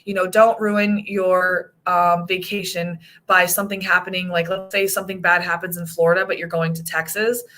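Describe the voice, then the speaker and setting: An American woman in her thirties chats on her vlog, telling stories with animated, high-pitched quoted lines. Her voice is bright and clear, and her talk is easygoing. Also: normal speed, hardly any pauses. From United States. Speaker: vlogger. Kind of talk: casual chat.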